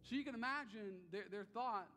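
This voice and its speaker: Male pastor, high-pitched, preaching to a congregation in a reverberant church sanctuary. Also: brisk, pushed and bright, soft background music. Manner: conversational preaching with repeated emphatic phrases. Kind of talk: sermon.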